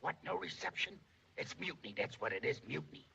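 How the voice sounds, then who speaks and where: A shrunken, self-pitying little man with a gravelly, raspy voice. His voice sits high and swings wildly up and down as he piles on grand words and wordplay. He sounds like a dull, lo-fi 1930s film soundtrack. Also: expressive, fast talker, background noise. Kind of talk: 1930s film comedy acting.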